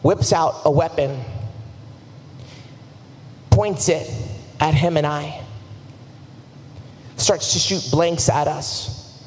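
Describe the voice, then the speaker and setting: A man's voice: fairly high pitch, drawn-out words, pauses often, darkish tone. A young man preaching a sermon in a large church hall, telling personal stories in an earnest, casual and self-deprecating way. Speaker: youth preacher. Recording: long hall reverb, faint noise.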